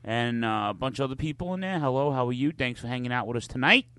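A man's voice: medium pitch, fast talker, sharp tone, clean tone, dry recording. A man co-hosting a live wrestling podcast, talking casually and bluntly, swearing freely as he rants. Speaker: podcast co-host.

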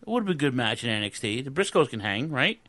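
A man's voice: medium pitch, very animated, fast, fairly bright tone, no room sound. A man co-hosting a casual wrestling podcast, joking and prodding the others into the mic. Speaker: podcast co-host. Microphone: studio microphone.

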